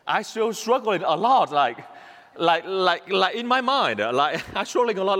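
A priest with a Vietnamese accent delivers his homily in a high, lively voice that swings widely in pitch. He is earnest and repeats his points, chuckling at himself at times. His words ring out with the long reverb of a church hall. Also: unhurried. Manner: earnest, repetitive, laughing at himself.

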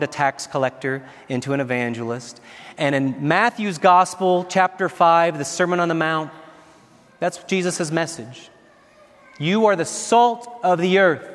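A man in his forties, a priest giving an earnest homily at Mass, often chuckling between phrases. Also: fairly high pitch. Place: large church. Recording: echoey church with long reverb.

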